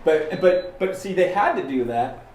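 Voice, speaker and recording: A man from California, a podcast guest, telling a story in a casual, animated way, often restarting and acting out the people he quotes. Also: on the high side, measured pace, slight background noise. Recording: roomy sound from a distant mic, faint ambience.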